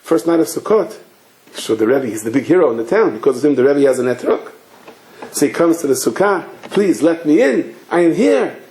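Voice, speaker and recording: A rabbi giving a sermon, asking rhetorical questions and telling stories. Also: male voice, mid-range voice, lively intonation, fast talker, a little mellow. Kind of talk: sermon with storytelling. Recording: echoey room.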